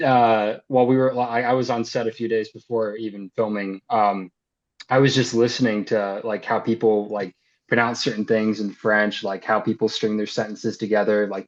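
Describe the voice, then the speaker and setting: A man, an actor and filmmaker, chatting casually as an interview guest, easygoing and rambling, with many ums and likes. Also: fairly low pitch. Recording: slightly dull lo-fi sound.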